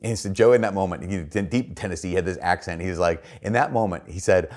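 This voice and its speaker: A man's voice: animated, quick pace, hardly any pauses, a little mellow. A middle-aged male priest giving a homily, telling a story and acting out the quoted voices. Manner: storytelling, acts out quoted voices with big pitch jumps.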